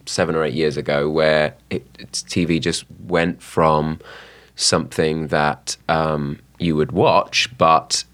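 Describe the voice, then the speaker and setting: Low-voiced hesitant man chatting. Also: little pitch movement, slow, fairly bright tone. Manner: hesitant, lots of restarts. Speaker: actor guest. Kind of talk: casual chat.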